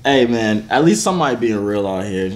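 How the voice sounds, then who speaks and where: A man's voice: lowish voice, expressive, brisk, heavy background noise. A young man hosting random video chats, teasing and joking with strangers. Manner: teasing, playful, puts on accents. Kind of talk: casual joking chat.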